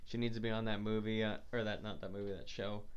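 A man's voice: lowish voice, little pitch movement, quick pace, smooth, lo-fi sound. A man co-hosting a podcast, talking casually in a rambling way with frequent restarts. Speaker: podcast co-host. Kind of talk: casual chat.

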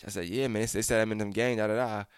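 A man's voice: on the low side, fast, clean tone, no echo, studio quality. A young adult man telling a personal story casually, acting out the voices of the people in it, with slang and frequent restarts. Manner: animated, acts out quotes, frequent restarts and slang.

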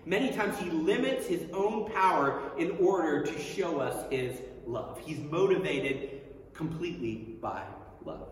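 A male pastor preaching a sermon who acts out the quoted voices with lively swings. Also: a little high, unhurried. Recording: very echoey hall, mic far off.

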